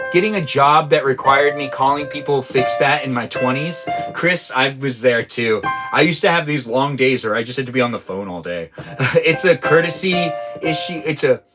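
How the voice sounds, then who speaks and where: A man with a somewhat high voice hosts a relaxed livestream from his garage. He rambles playfully and reads out viewer messages as he answers them. Soft music plays faintly behind him. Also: rough recording. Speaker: livestream host reading viewer chat. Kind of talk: casual livestream chat. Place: home garage.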